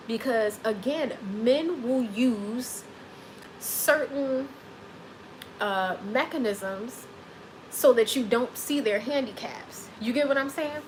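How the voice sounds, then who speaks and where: Sassy high-voiced woman chatting live. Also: takes it slowly, a little hiss or hum, poor audio. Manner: sassy, animated, repeats phrases for emphasis. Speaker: live stream host. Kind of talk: casual live chat reading comments.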